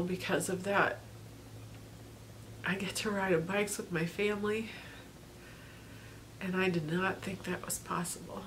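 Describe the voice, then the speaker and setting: A woman talks into her camera in a personal video diary, her voice at a middle pitch. She is emotional and grateful, laughing and welling up as she speaks, and she rambles with many fillers. A faint hum sits behind the recording. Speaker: vlogger.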